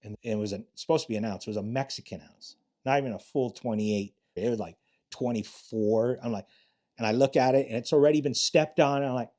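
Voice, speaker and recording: A man's voice: mid-range voice, fairly quick, darkish tone. An older man, a retired police detective, telling rambling, profane stories in a casual interview, often restarting his sentences.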